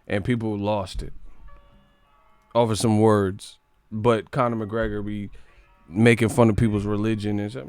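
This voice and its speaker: A man's voice: fairly low pitch, fairly even intonation, moderate pace, a little mellow, no echo, faint music behind. A man hosting a boxing live stream, ranting profanely and animatedly about the sport. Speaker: boxing channel host.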